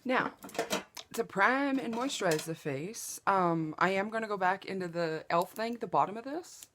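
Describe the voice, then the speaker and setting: A woman's voice: mid-range voice, animated, moderate pace, a bit bright, a little hiss or hum. A woman chatting through a makeup tutorial, joking at her own expense and slipping into whispers as she applies products. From Southeast Oklahoma, US. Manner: chatty and self-joking, drops to a whisper while applying products. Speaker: beauty vlogger. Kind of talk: casual makeup tutorial chat. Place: home makeup table with window open.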